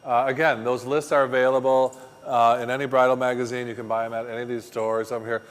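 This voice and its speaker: A man teaching a floral design class, telling lively stories in an emphatic, salesy way. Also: mid-range voice, fast talker, clean tone, long reverb tail. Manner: animated storyteller, salesy and emphatic. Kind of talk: classroom lecture with anecdotes. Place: flower design school classroom.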